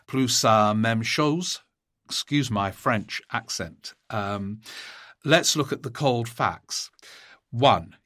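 A man hosting a political talk show, giving measured commentary and reading out listener emails, with frequent small pauses. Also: medium pitch, fairly bright tone. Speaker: podcast host.

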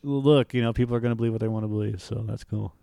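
A man co-hosting a casual podcast chat, swearing freely and ranting with animated energy. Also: on the low side, very fast, gravelly, clean tone, no room sound. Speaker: podcast co-host.

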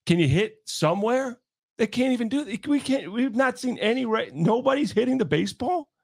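High-pitched ranting sports podcast host. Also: male voice, a little fast, vocal fry. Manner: ranting, sarcastic, animated.

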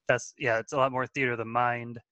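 A man's voice: mid-range voice, little pitch movement, quick pace, bright, forceful tone, no room sound, muffled recording. A man co-hosting a tabletop gaming podcast in casual chat, often stumbling and repeating words as he restarts. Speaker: podcast co-host and tabletop player.

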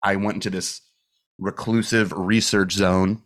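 A man's voice: sits low, level tone, unhurried, fairly bright tone. Swearing man telling his story. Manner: candid, heavy swearing, emphatic storytelling; rambling with restarts and fillers like "dude" and "like". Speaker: podcast guest, metal musician. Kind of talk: casual podcast interview.

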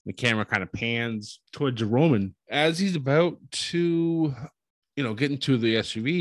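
A man hosting a casual recap of a wrestling show, telling it as an animated story, chuckling often and acting out what people said. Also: mid-range voice, no echo.

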